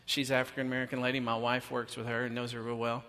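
A man's voice: mid-range voice, completely flat delivery, racing, pushed and bright, slight background noise. A man giving a chatty sermon, telling a self-deprecating story before he turns to teaching. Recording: long reverb of a church hall.

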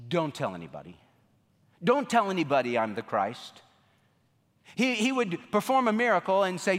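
A man preaching a sermon as pastor, telling the story in an animated way from a church sanctuary. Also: on the high side. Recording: long reverb of a large room.

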